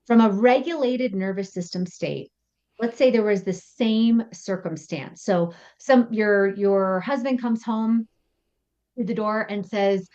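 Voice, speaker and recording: Woman psychotherapist guest, mid-pitched and animated, explaining with acted examples, slightly muffled remote audio. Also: measured pace. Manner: animated, acts out example thoughts in quotes. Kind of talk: explanatory podcast interview.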